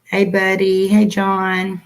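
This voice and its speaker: A woman's voice: medium pitch, completely flat delivery, slow pace. A woman hosting a casual livestream, chatting and greeting viewers by name over a computer mic. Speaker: livestream host.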